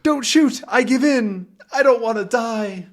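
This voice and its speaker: A man's voice: sits high, expressive, slow pace, voice pushed up. A man voicing a cowardly comic-book henchman. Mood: pleading. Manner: whiny and pleading. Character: cowardly male henchman, scheming then pleading.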